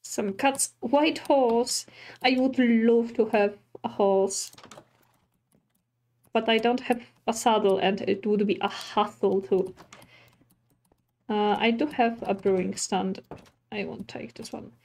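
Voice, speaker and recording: Slow-talking woman narrating her gameplay. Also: on the high side, fairly even intonation, a little mellow. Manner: chatty, easily startled, talks to animals and villagers. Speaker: streamer. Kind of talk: casual gameplay commentary.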